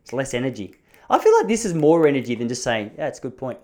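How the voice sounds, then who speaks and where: A man in his thirties, chatting as a podcast host. He tells comic stories in a self-mocking way, and his pitch leaps up whenever he stresses a point. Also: very fast. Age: 30s. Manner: animated, self-mocking, pitch jumping up for emphasis. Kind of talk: casual comedic storytelling.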